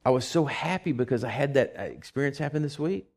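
A man's voice: mid-range voice, lively intonation, quick pace. A man who is a pastor, preaching a conversational sermon in a church, with rising bursts of energy.

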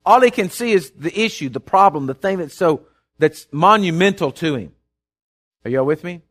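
A man's voice: on the high side, lively intonation, moderate pace. An older man preaching a folksy sermon in a church, his voice strained and worn. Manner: preachy, folksy, with bursts of loud calls. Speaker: pastor. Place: church sanctuary with monitors and reverb.

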